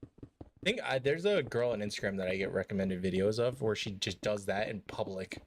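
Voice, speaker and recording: A man's voice: lowish voice, expressive, moderate pace, a little hiss or hum. A young man chatting casually on a live game stream, joking, rambling and swearing freely.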